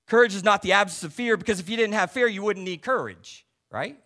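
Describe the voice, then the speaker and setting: Male pastor, sermon, fairly high voice, punchy emphasis, frequent rhetorical questions, drops low and soft for asides. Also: brisk. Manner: swings between loud stresses and quiet low asides.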